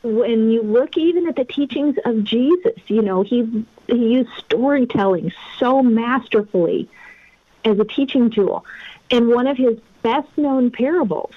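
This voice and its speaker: A woman's voice: fairly high pitch, unhurried, dry recording. Woman guest, earnest storyteller, phone-line sound, dry. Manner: earnest, storytelling, faith-driven. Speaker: private investigator and podcast guest. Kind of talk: conversational interview over a remote line. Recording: tinny phone-line audio.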